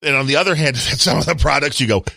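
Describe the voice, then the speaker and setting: A man's voice: medium pitch, fast talker, creaky, pushed and bright, no echo, clean studio sound. A man co-hosting a podcast, chatting casually and joking with rambling asides. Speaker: podcast co-host. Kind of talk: casual chat.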